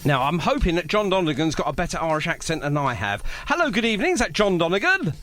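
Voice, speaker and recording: A man's voice: a little high, sing-song, fast talker, fairly bright tone, faint music behind. A man hosting a casual live radio show from a home studio, chatty and jokey, laughing often. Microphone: home studio microphone.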